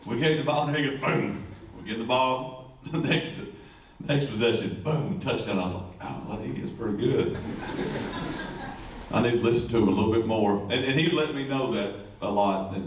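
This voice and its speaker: Folksy coach, echoey and distant. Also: male voice, mid-range voice, fairly quick. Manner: rambling, folksy, joking. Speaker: high school football coach. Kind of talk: ceremony speech. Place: school event room. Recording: echoey room, distant mic, faint noise.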